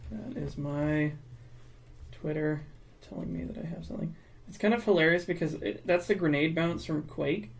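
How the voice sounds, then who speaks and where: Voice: medium pitch, moderate pace, creaky. A streamer with a Canadian accent co-hosting an art stream, chatting animatedly and swearing freely while drawing. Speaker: co-host and artist of an art stream. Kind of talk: casual chat while drawing.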